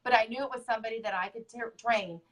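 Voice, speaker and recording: A woman gives a motivational talk to her business team, emphatic and keen to repeat her key points. Her voice sits slightly high. She sounds distant from the microphone. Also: fast talker. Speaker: business leader and co-host.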